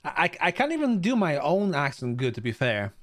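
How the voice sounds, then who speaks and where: A man's voice: a little high, wildly swooping pitch, a little fast, a bit bright. A young adult man from Bulgaria chatting casually with his live stream viewers, stammering through restarts, swearing freely and greeting chatters by name.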